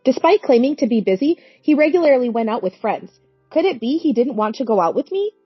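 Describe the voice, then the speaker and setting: Husky woman narrating a story. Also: high-pitched, expressive, fairly quick, no echo, soft background music. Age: 40s. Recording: dry, dull lo-fi recording.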